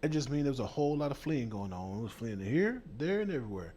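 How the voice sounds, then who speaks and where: Male host, heated commentary, mocking, profane, mid-pitched voice. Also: very animated, quick pace, warm tone.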